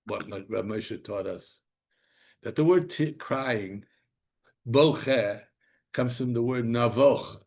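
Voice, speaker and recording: An older man, a rabbi, giving an animated Torah lecture with emphatic repeats and restarts. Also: medium pitch, takes it slowly, long pauses.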